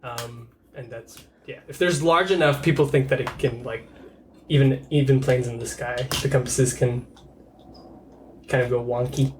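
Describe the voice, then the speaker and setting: A woman's voice: very deep voice, steady tone, normal speed, noisy background. A young woman co-hosting a podcast in casual chat, talking with lots of fillers and giggles. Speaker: podcast co-host.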